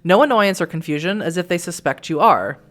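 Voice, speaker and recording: A woman's voice: fairly low pitch, animated, fairly quick. A woman from Massachusetts hosting a let's play, reading a text game aloud with chatty asides and frequent laughs.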